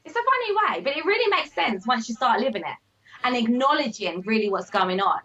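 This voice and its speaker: A woman's voice: on the high side, fairly quick. A woman, a business coach, talking emphatically in a motivational conversation and checking in with "all right?", on slightly muffled lo-fi audio. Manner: animated, emphatic, repeats "all right?" and "okay?".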